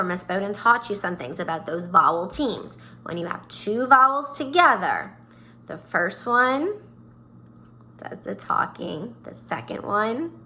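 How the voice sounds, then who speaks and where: A woman teacher walks young children through a phonics lesson at an unhurried pace. Her voice is bright and clear, and she stretches and stresses each sound in a sing-song way. Faint room noise sits behind her. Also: fairly high pitch.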